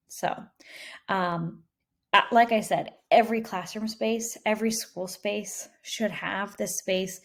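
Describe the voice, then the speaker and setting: A woman's voice: medium pitch, a little mellow. A kindergarten teacher, a woman, gives practical classroom advice in a reassuring, casual way.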